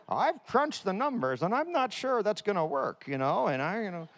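A man's voice: high voice, big pitch swings, normal speed, a bit bright, voice pushed up, heavily acted. A man voicing a fussy, doubtful inner accountant who nags with cautious questions. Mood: skeptical. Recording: long hall reverb.

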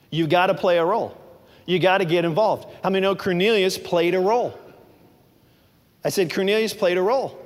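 A man's voice: high voice, in a large hall. A male pastor delivering a sermon, preaching emphatically and asking the congregation questions.

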